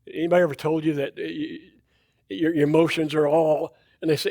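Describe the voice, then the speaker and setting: A man's voice: on the high side, flat delivery, brisk, gravelly, warm tone, no room sound, clean studio sound. A man preaching a sermon in a church, talking in a loose, conversational way and often repeating and restarting words. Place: church auditorium.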